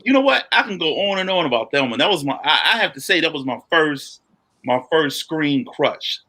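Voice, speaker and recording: A man's voice: a little high, animated, normal speed, sharp tone. A man co-hosting a podcast, telling stories in a casual chat with lots of animation and "you know what I'm saying". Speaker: podcast co-host.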